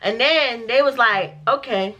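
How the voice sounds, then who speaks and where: A woman telling a storytime vlog in a casual, profane, animated way, acting out the dialogue as she goes. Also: a little high, moderate pace, lo-fi sound. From United States. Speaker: vlogger.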